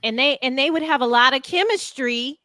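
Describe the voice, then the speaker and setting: A woman's voice: high voice, a little fast, pushed and bright, dry recording, clean studio sound. A woman co-hosting a casual talk show, reacting with exclamations and asking questions.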